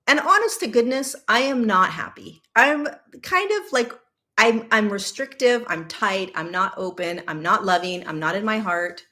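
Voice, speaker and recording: Woman host, middle-aged, animated and candid storytelling, chatty asides. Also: mid-range voice, moderate pace. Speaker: podcast host. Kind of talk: personal storytelling.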